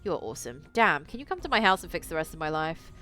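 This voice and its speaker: A woman's voice: deep voice, very animated, fast talker, bright, forceful tone, soft background music, full character voice. A woman reading as a brash young mother. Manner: brash, swears freely. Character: excitable young mother, blunt and foul-mouthed. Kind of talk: reading game dialogue aloud.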